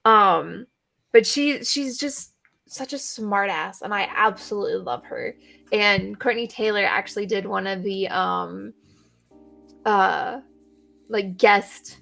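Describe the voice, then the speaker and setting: Young woman, casual chat, giggly and rambling, gravelly fry, video call mic. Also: medium pitch, slow pace, a bit bright, soft background music. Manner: bubbly, giggly, rambling storyteller. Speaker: guest streamer and cosplayer.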